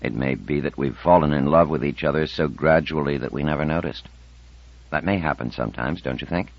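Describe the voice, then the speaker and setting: A man reading an audiobook, voicing a subdued, earnest man near fifty who speaks low. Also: brisk. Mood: worried, tender. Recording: dull dry audiobook recording.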